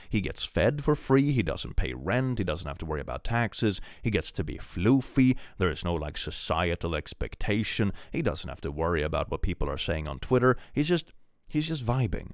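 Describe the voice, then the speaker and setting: Man, deep voice, lively swinging intonation, playful livestream chat, reacting to viewers. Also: no echo, studio quality.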